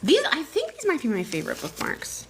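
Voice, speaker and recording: A woman librarian chatting casually as she unboxes packages on a live stream, reading notes aloud with excited bursts. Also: high-pitched, a little fast, noisy background. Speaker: school librarian.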